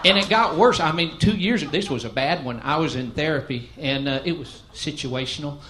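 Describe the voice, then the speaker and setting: A man's voice: on the high side, fairly quick. A man from East Tennessee with a Southern accent, a stand-up comedian spinning folksy, self-deprecating stories on a club stage. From East Tennessee, USA. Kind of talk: stand-up storytelling. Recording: noisy live club recording.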